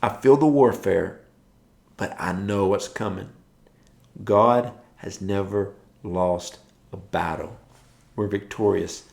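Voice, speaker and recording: A man's voice: lowish voice, slow pace, creaky, long pauses, reverberant. A man preaching a morning devotional, exhorting his listeners with repeated declarations, tired from rising early.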